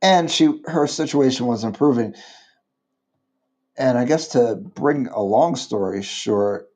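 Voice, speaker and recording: A man in his thirties from the United States, chatting casually on a livestream and rambling with halting restarts. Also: medium pitch, a little mellow. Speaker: livestream vlogger.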